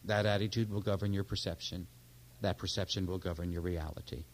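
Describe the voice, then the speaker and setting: A man giving a sermon, swinging from loud, urgent exhortation to hushed, confiding near-whispers, with stories full of quoted dialogue. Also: deep voice, steady tone, fairly quick, a little hiss or hum, poor audio. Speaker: minister.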